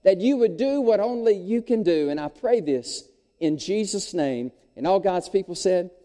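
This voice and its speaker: A man's voice: sits high, moderate pace. A middle-aged man preaching a sermon as a pastor, storytelling and calling out to the congregation. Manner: animated storyteller, audience call-outs. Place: church sanctuary, long reverb. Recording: echoey hall.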